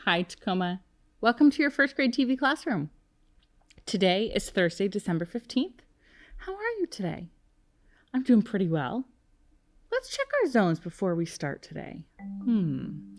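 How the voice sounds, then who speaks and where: Woman, first grade TV teacher; slow, lilting, lively pitch. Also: soft background music. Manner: slow, animated, sing-song teacher talk with big pitch swings. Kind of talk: TV classroom lesson for young children.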